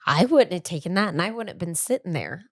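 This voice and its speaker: A woman's voice: lowish voice, animated, fast. A woman co-hosting a podcast, adding short dry remarks in casual chat. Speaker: podcast co-host.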